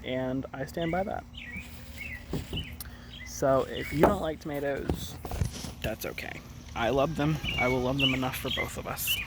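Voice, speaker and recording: A man's voice: medium pitch, fairly even intonation, measured pace, long pauses. Guy rambling thru his garden tour, loses his train of thought a lot, outdoor noise and birds behind him. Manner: rambling, self-correcting, chatty. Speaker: gardening vlogger. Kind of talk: casual rambling vlog. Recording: outdoor noise, sometimes far from mic. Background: birds and rural outdoor ambience.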